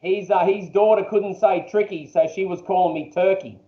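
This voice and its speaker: Australian man, high voice, easygoing interview chat, muffled roomy call audio. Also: moderate pace. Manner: relaxed, chuckles often. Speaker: interview guest, engine builder. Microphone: video call.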